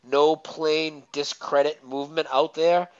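Animated man on a lo-fi line. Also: fairly high pitch, measured pace. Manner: animated, rambling, laughs while talking. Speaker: guest. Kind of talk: casual chat. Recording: muffled lo-fi audio.

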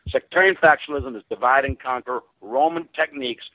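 A man's voice: mid-range voice, brisk, no echo, phone-quality sound. An American man calling in to a radio talk show, rambling with many restarts and fillers. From United States. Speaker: caller. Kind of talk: call-in radio rant.

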